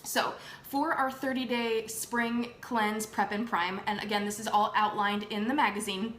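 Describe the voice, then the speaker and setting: A woman's voice: a little high, level tone, unhurried, a bit bright. Chatty woman in an echoey room. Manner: upbeat and chatty, many ums. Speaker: host. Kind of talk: casual livestream product talk. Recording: echoey room with faint background noise.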